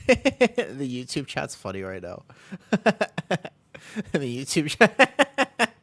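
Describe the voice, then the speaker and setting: Midwestern male streamer, mid-pitched, jokey and upbeat, dry close mic. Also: wildly swooping pitch, extremely slow, long pauses, fairly bright tone, no room sound. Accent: American Midwestern. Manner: upbeat, joking, often laughing, chatting with viewers. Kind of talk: casual live-stream chat while gaming.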